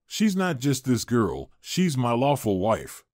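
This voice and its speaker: A man's voice: mid-range voice, huge pitch swings, takes it slowly, darkish tone, dry recording, clean studio sound. A man reading the lines of a firm, protective young husband who sounds exasperated.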